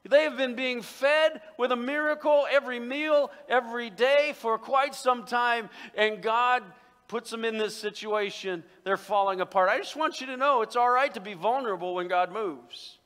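In a church sanctuary, a pastor with a very high, fairly bright voice preaches a sermon at a moderate pace. He tells the story conversationally, mixing in humor and rhetorical questions, and the recording carries the long reverb of the church.

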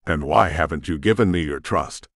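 A man's voice: rumbling low, normal speed, a bit bright, no echo, clean studio sound, voice pushed down. A man voicing a headstrong young woman who is a tigress shifter, talking defiantly and with scorn. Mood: hurt. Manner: defiant, scoffing.

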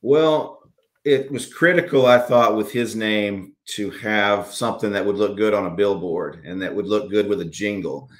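A man with a Southern drawl speaks in a lowish voice. He rambles through his answers, full of "you know" and restarts, as if chatting on a video call. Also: normal speed. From Alabama, US. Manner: rambling, many fillers and restarts. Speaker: author guest. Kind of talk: conversational interview answers.

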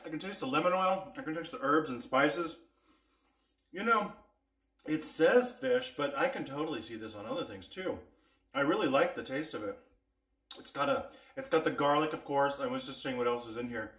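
A man's voice: medium pitch, a bit bright. Chatty, eager man in an echoey room. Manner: chatty and enthusiastic, talks to viewers directly. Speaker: cooking vlogger reviewing spice blends. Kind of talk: casual taste-test vlog.

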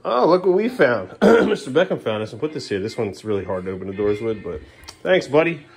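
A man's voice: mid-range voice, very animated, a little fast, vocal fry, slightly rough. A man filming a casual home vlog as a father, talking in an exasperated, rambling way and scolding his kids in the living room.

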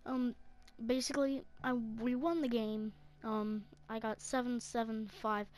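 A woman hosting a gaming channel, giving excitable running commentary to herself and her teammates as she plays. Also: a little high, a little slow. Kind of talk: live gameplay commentary.

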